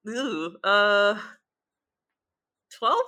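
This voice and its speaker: Giggly, lively woman playing a tabletop game. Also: medium pitch, drawn-out words. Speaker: player. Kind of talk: casual tabletop game chat.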